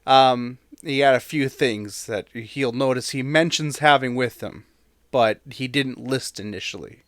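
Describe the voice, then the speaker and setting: A podcast co-host speaks unhurriedly in a mid-range, fairly bright voice, with clean studio sound and no room noise. He recounts a story in a chatty way, using fillers and reading quotes aloud.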